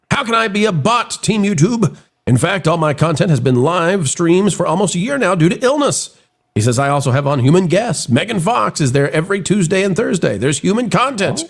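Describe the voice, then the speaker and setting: A man hosting a live stream, reading and commenting on news in an animated, theatrical way while getting over a cold. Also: high voice, fairly quick, creaky. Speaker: show host.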